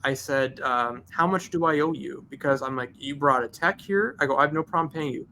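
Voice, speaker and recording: Bright-voiced, animated man telling a story. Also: medium pitch, brisk, slight background noise. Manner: animated, acts out both sides of conversations. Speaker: guest, detailing shop owner. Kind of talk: casual podcast storytelling.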